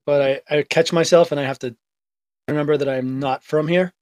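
Higher-pitched Boston man, swearing freely. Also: fairly even intonation, brisk, a little mellow, no echo. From Revere, Massachusetts. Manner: swears freely, tells stories. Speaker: podcast co-host. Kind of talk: casual chat.

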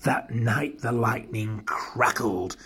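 A storyteller reading a rhyming picture book aloud with an expressive, lilting delivery. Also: mid-range voice, slow, husky.

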